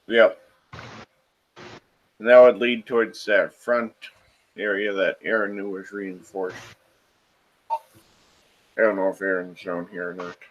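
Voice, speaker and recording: A man running a tabletop game as game master, narrating the scene in an unhurried way with frequent fillers. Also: sits low, little pitch movement, lo-fi sound.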